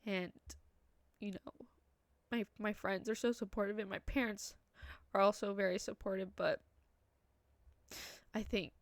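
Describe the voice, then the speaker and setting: A woman's voice: medium pitch, steady tone, unhurried, pauses often, dry recording. A nineteen-year-old woman vlogging about her family in a rambling, confessional way, full of "like" and "you know". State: tearful, voice breaking. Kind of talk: personal vlog confession.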